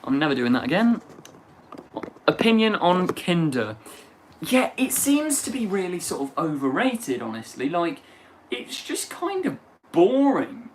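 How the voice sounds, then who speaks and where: A young man hosting a casual chat stream, talking fast and excitedly and bursting into loud shouted lines. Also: high-pitched, background noise. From England. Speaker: livestream host.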